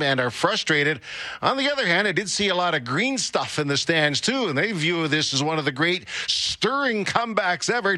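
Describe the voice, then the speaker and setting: A man hosts a radio sports talk show in an easygoing, conversational way. His voice is bright and slightly high. The studio sound is close and dry. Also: dry recording, low-quality recording.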